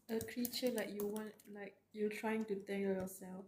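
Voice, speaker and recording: A woman's voice: medium pitch, little pitch movement, moderate pace, hardly any pauses, darkish tone, echoey room, a little hiss or hum. A woman streamer reading a story aloud live, tearful and reacting emotionally between read lines. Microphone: close desk mic.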